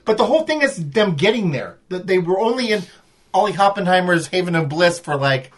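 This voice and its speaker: A man's voice: high voice, expressive, a little fast. A man co-hosting a podcast, telling a story in casual chat and acting out his own reactions. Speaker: podcast co-host.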